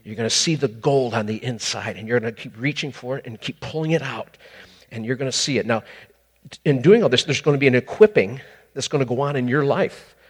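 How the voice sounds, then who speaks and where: A man ministering to a couple in a conversational, animated preaching style, with sudden high exclamations. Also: a little fast, husky, long reverb tail.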